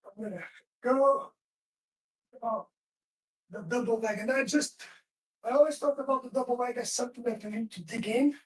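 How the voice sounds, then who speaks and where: A woman's voice: a little high, normal speed, long pauses. A woman teaching self-defense in a live class, giving short commands while she demonstrates moves. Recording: roomy echo from far off.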